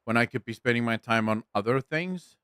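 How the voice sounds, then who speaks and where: A man's voice: mid-range voice, lively intonation, a little fast, fairly bright tone, smooth, dry recording, studio quality. A young man streaming casually, swearing often and arguing back at his chat with exasperation.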